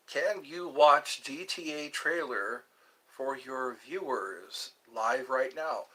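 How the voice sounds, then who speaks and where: Husky-voiced man chatting on a phone stream. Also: mid-range voice, slow, pushed and bright. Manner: jokey, reads viewer questions aloud and answers them. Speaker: livestream host. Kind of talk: rambling live-stream chat.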